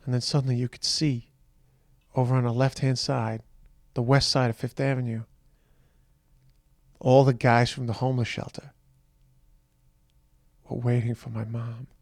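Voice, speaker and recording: Tired man with a gravelly voice. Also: mid-range voice, little pitch movement, darkish tone, no room sound, studio quality. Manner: tired, reflective, halting. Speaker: podcast host. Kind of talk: personal monologue.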